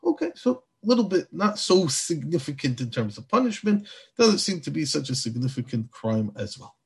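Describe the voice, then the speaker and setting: Male Torah teacher, slightly high and husky, lively lecture delivery. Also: moderate pace. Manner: animated, acts out biblical dialogue.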